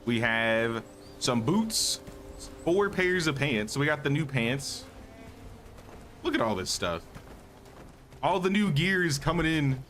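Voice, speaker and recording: This streamer's voice is a little high and fairly bright, though a bit worn as he's slightly losing it. He chats casually through his live game, thinking aloud and welcoming viewers.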